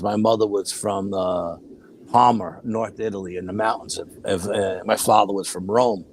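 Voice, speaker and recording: An older man, a guest, telling a personal story in a casual, animated way, often acting out other people's words. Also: fairly low pitch, normal speed, slight background noise. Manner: animated, acts out quoted voices, frequent laughs.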